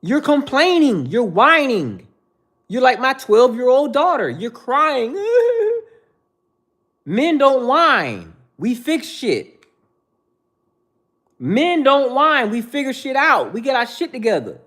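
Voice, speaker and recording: A man's voice: very high-pitched, sing-song, slow pace, a bit bright. A man in his thirties hosting a livestream, bluntly lecturing viewers in the chat with repetitive slang. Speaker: livestream host. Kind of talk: casual livestream rant.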